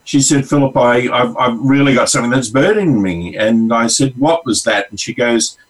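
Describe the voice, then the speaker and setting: Over a distant mic and poor audio, an Australian-accented man speaks in a mid-range voice at a moderate pace. He's a regular counselor on a radio show, casually telling rambling stories full of acted-out quotes.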